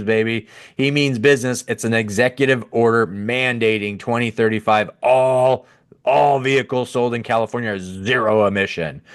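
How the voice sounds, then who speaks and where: A man hosting a podcast, reading from an article and breaking off into sarcastic, animated commentary with mock voices and laughter. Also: medium pitch. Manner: sarcastic, animated, laughs at his own jokes. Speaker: podcast host. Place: at a computer.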